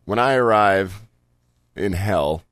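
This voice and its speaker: Laid-back low-voiced podcast co-host. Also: male voice, takes it slowly, a bit bright, no room sound. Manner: laid-back, crude jokes, swears. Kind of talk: casual chat.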